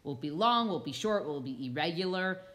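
Woman, reading teacher, low voice, patient, sounds out words, slideshow narration. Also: animated, fast, a bit bright.

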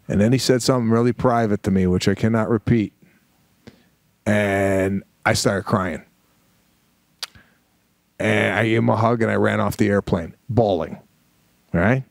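Man telling an animated story. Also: fairly low pitch, measured pace, vocal fry, long pauses, dry recording, clean studio sound. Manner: animated, dramatic retelling with acted-out quotes. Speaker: podcast co-host. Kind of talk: casual storytelling chat.

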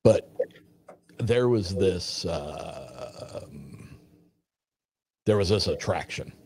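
A man casually retelling a personal story in a rambling, animated way, acting out the dialogue as he goes. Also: low-pitched, drawn-out words, slightly rough, dry recording, studio quality. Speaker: storyteller guest.

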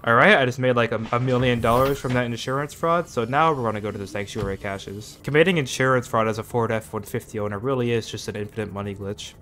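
A man giving joking, self-mocking commentary over his own gameplay, quick to get startled. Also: medium pitch, fairly bright tone, a little hiss or hum. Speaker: gaming video creator.

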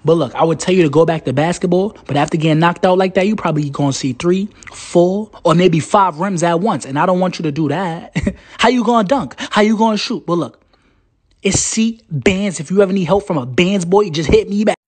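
A man voicing a blunt male friend who mocks and teases in fast rants. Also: high voice, breathy edge, pitched below the performer's own voice. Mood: hyped.

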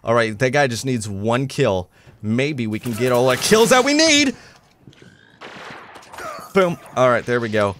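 A young man giving excitable, joking commentary over his own gameplay, making gun sound effects and yelling when surprised. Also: mid-range voice, unhurried, pauses often, a little hiss or hum. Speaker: gaming YouTuber.

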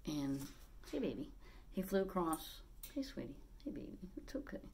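A woman at home vlogging about her parrot, switching between plain talk to the camera and high, sing-song baby talk to the bird. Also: very animated, moderate pace, mellow, a little hiss or hum. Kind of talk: casual vlog talking to camera and her pet.

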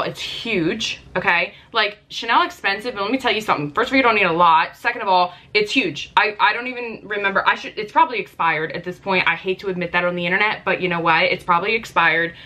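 A woman's voice: mid-range voice, bright, forceful tone. A woman in her late thirties, a makeup artist chatting casually and sassily through a makeup routine at her desk at home. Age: late 30s. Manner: sassy, chatty, exclamatory, with frequent asides. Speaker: makeup artist and beauty vlogger. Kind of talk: casual makeup tutorial chat.

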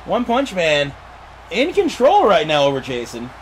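A man's voice: a little high, huge pitch swings, unhurried, a little hiss or hum. A young man giving casual, laughing play-by-play commentary on a wrestling video game.

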